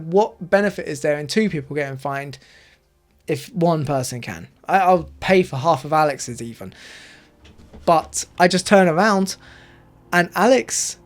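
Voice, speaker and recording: A man telling a personal story in a casual, rambling way, full of fillers. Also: on the high side.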